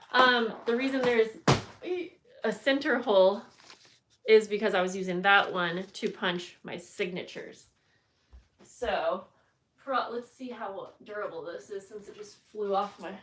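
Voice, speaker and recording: A woman's voice: medium pitch, fairly bright tone, a little hiss or hum. A woman hosting a live bookbinding stream, chatting casually and greeting viewers by name while she works, often thinking aloud and losing track of her steps. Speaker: bookbinding crafter hosting a livestream. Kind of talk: casual chat while working on a craft.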